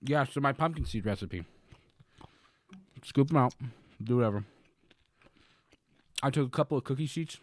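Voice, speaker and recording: Casual podcast co-host, a man of middle pitch, rambles with fillers and restarts, dry close mic. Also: normal speed, long pauses, no echo. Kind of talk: casual chat.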